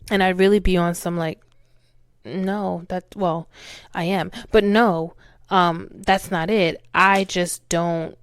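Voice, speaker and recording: Candid young woman chatting, smooth low voice. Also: dry recording. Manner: candid, chatty, laughs at herself. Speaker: podcast host. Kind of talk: casual chat.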